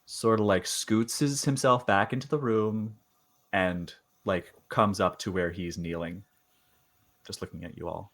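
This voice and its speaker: A man running a tabletop horror game as game master, narrating in a halting way with many fillers. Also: on the low side, steady tone, fairly bright tone.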